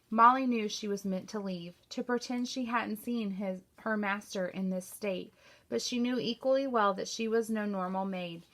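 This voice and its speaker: A woman teacher reading a novel aloud to her class in a steady storytelling manner. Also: medium pitch, moderate pace.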